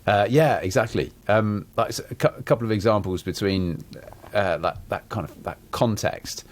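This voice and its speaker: A man's voice: on the low side, normal speed. A man co-hosting a podcast in casual chat, acting out example sentences with shifting emphasis. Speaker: podcast co-host.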